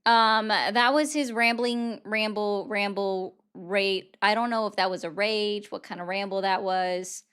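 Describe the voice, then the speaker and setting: A woman's voice: medium pitch, steady tone, measured pace, hardly any pauses, fairly bright tone, smooth. A woman hosting a live stream and taking callers, chatting in a self-deprecating, rambling way. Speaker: livestream host taking callers. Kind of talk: casual livestream chat.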